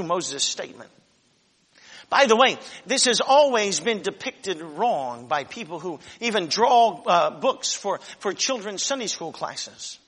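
Dramatic preaching man, high and bright. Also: breathy edge, long reverb tail. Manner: dramatic preaching that swings from shouting to whispers. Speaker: pastor. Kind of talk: sermon.

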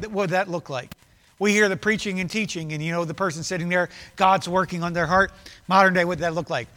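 A male pastor preaching with fervent emphasis, often slipping into quoted voices. His voice sits high and sounds bright and forceful. It carries through a church sanctuary with a long, ringing reverb. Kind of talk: sermon.

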